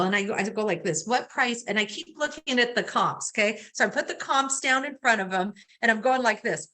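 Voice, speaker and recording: A woman with a fairly high, animated voice speaks a little fast with hardly any pauses, her tone pushed and bright. She's teaching a real estate sales class, coaching the students, acting out scripts to say to clients and asking the class questions as she lectures.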